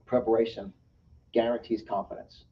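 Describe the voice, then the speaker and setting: A man speaking as a guest, preaching motivation in an emphatic way and swinging between loud bursts and soft asides. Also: lowish voice, flat delivery, normal speed. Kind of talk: fired-up motivational interview talk. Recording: dull, distant sound with faint room ambience.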